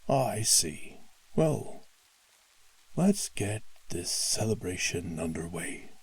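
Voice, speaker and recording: A man's voice: fairly low pitch, big pitch swings, slow, slightly rough, heavily acted. A man voicing Santa Claus giving firm orders in a storybook tale. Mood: commanding. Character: Santa Claus, commanding and angry.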